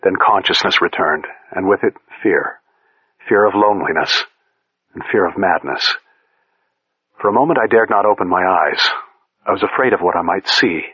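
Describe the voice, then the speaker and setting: A man reads a first-person story aloud in a measured, deliberate way, his voice sitting fairly low and a little husky. The recording is dry and dull, with muffled highs like an old lo-fi tape. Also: fairly bright tone, no echo. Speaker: audiobook narrator.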